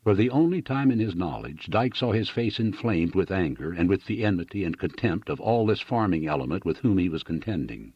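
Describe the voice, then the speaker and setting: A man reading a novel aloud as an audiobook narrator, in an expressive, dramatic style. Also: sits low, a little fast, few pauses, slightly rough, no room sound, highs cut off. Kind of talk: scripted narration.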